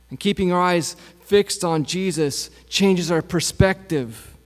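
A man preaching a sermon as pastor, with a slow, repetitive preaching cadence. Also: on the high side. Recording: long hall reverb.

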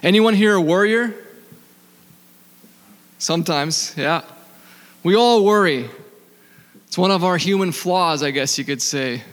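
Higher-voiced man preaching in a hall. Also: fairly bright tone. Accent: non-native accent. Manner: asks the audience questions and answers them; reads scripture slowly. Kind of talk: sermon.

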